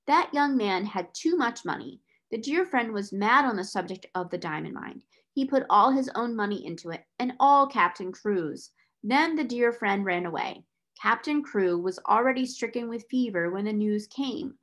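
A woman reading aloud, voicing a dry, sharp-featured solicitor who speaks in a curt, snappish, critical manner. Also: medium pitch, animated, moderate pace. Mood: grim. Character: brusque, dry little male solicitor.

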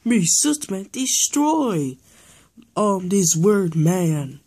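A woman's voice: medium pitch, very animated, drawn-out words, a little mellow, breathy edge, voice pushed up, exaggerated voice. Woman doing a blunt, simple-minded costume hero. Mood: proud. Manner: clipped caveman-style talk.

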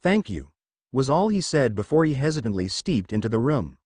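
A man narrating fan fiction aloud in a brisk, plain storytelling manner. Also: mid-range voice, sing-song, a little mellow, slightly rough, no echo.

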